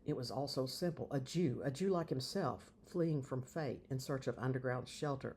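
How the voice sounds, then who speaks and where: A man reading a novel aloud, chapter by chapter, in slow, measured storytelling. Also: mid-range voice, darkish tone, a little hiss or hum. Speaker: reader of a novel. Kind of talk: audiobook reading.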